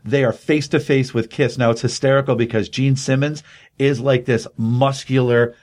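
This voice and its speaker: A man in his fifties hosting a show, casually recapping a comic with lots of fillers and animated storytelling. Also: medium pitch, moderate pace. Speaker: podcast host.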